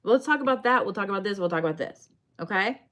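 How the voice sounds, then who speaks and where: A woman's voice: mid-range voice, animated, fast, a bit bright. A woman giving bone readings on a live stream in a casual, chatty way, swearing now and then and talking straight to her viewers. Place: her shop.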